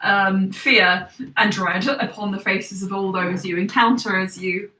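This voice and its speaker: A woman's voice: medium pitch, a little slow, distant mic, slight background noise. Game master woman in a roomy room. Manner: relaxed, chatty narration with fillers. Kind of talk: narrating a tabletop game.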